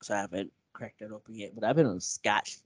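A man's voice: fairly low pitch, a little fast, dry recording. A man co-hosting a podcast in casual chat, telling stories in a slangy, rambling way and laughing often. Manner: laughing, lively storyteller. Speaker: podcast co-host.

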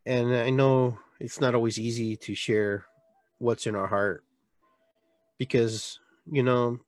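A man hosting a live show as a shaman, talking in a heartfelt, rambling way with many restarts, jumping from loud bursts down to quiet trailing words. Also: medium pitch, steady tone, slow pace, no echo. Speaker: podcast host and shaman. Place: local area with a reservoir, addressing live viewers.

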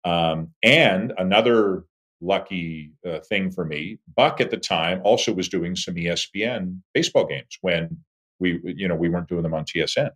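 A man in his fifties, a sportscaster, telling stories about his career as an animated interview guest. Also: normal speed. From Toronto, Canada. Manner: animated storyteller, lively swings in pitch and volume. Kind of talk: conversational interview storytelling.

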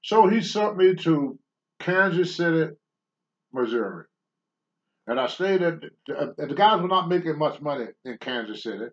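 A man's voice: a little high, normal speed, lo-fi sound. A man telling stories from his wrestling career in casual, blunt talk, acting out the people he quotes. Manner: animated, acts out the voices of the people he quotes; blunt, rough language. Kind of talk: casual spoken storytelling.

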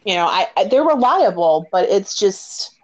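A woman hosting a casual conversation, telling stories with lots of laughter and animated quoted dialogue. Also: mid-range voice, normal speed. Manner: animated storyteller, laughs often. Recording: dull lo-fi audio.

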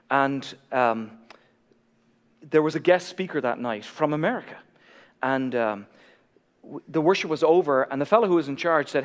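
An Irish man in his forties, a pastor telling his own story in a sermon with animated, self-deprecating humor. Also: fairly high pitch, in a large hall. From Ireland.

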